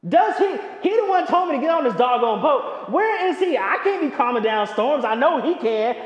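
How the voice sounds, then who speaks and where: A man's voice: very high-pitched, big pitch swings, normal speed, roomy sound, long reverb tail, muffled recording, voice pushed up. A preacher putting on the voice of an anxious, exasperated male disciple caught in a storm. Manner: exasperated, pleading.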